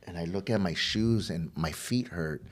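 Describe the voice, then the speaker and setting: A man's voice: low voice, normal speed. A middle-aged man, a podcast guest, telling a personal story of addiction and recovery, rambling and repeating words as he acts out old conversations.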